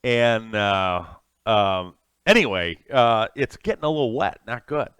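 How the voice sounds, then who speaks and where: A man's voice: on the low side, measured pace, a bit bright, clear, resonant tone, no echo. A man hosting a live cooking stream, chatting casually and rambling with many fillers as he greets viewers. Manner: reads viewer names from chat and thanks them. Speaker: cooking livestream host.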